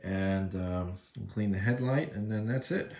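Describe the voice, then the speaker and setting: In his home kitchen, a model train enthusiast gives a laid-back show-and-tell of his creations while recording on his phone. He speaks a little slowly in a low, warm voice, chatting through lots of filler words.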